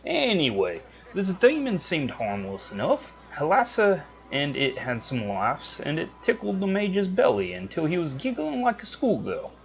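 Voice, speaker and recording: A man voicing a young male rogue henchman with a put-on brogue, high and chatty. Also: huge pitch swings, a little slow, vocal fry, hardly any pauses, dull audio, full character voice. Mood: cheeky. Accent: put-on Irish-like brogue. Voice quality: high light voice. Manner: chatty, irreverent.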